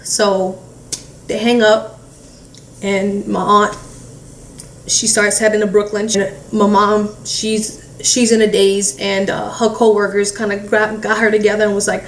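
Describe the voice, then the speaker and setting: A woman's voice: mid-range voice, flat delivery. Woman telling a story, echoey distant mic. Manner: halting, heavy filler "like", re-enacts relatives' words. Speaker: family member recounting a loss. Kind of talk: emotional personal storytelling. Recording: echoey room, distant mic, faint hiss.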